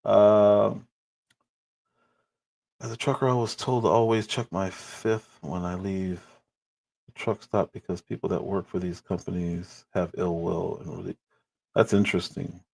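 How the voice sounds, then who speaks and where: A man's voice: deep voice, steady tone, a little slow, vocal fry, pauses often, darkish tone, husky. A man hosting a livestream, reacting to news clips with incredulous, sarcastic commentary. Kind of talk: casual commentary.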